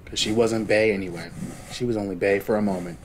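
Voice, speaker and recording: A man's voice: fairly low pitch, steady tone, quick pace, a little hiss or hum. A young man hosting a game let's play, chatty and talking straight to his viewers. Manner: chatty, addresses viewers directly. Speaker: gaming channel host.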